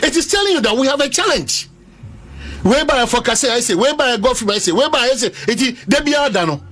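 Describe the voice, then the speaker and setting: A man's voice: extremely high pitch, animated, fast, a bit bright. A Ghanaian man and political commentator arguing heatedly in a panel debate, insistent and talking over the others.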